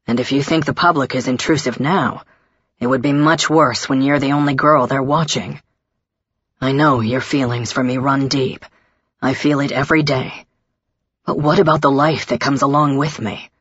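Woman voicing a soft-spoken young prince. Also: a little high, steady tone, moderate pace, husky, dry recording. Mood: somber. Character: gentle young male prince, earnest. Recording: dull lo-fi recording.

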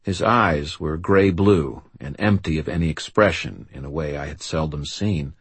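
A man reading a first-person novel aloud as an audiobook narrator, in a measured, wry storytelling manner. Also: rumbling low, breathy edge, dry recording.

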